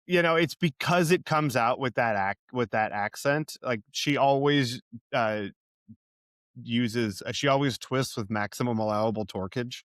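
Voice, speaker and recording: A man's voice: mid-range voice, measured pace, no room sound, studio quality. A man co-hosting a podcast, talking casually about a film, swearing freely and slipping into bits of other voices. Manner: animated, swears casually, drops into impressions. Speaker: podcast co-host. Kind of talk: casual movie chat.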